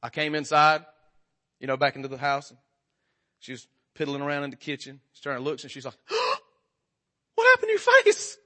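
A man's voice: mid-range voice, level tone, quick pace, sharp tone. A man, preaching a casual sermon as a guest and joking with the congregation. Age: 40s. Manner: folksy, joking, talks straight to the congregation.

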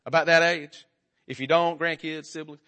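Man, forties, preacher, high-pitched, bright tone, casual joking sermon, asks the congregation questions. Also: steady tone, normal speed. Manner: conversational, joking, quizzes the congregation. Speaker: pastor.

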